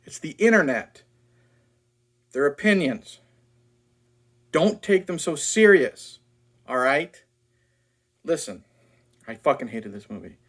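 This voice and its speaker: A man's voice: a little high, animated, slow pace, long pauses. A man ranting in a casual movie review, blunt, profane and sarcastic.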